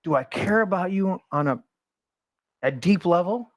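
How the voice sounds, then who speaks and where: A man hosting a casual conversation, telling animated stories and swearing freely. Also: sits high, moderate pace, no room sound, studio quality. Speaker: podcast host.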